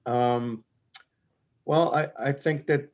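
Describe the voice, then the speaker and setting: A man's voice: medium pitch, fairly even intonation, slow. A man commenting on a video call, hesitant, with many fillers and repeated words. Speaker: audience member. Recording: dull video call audio.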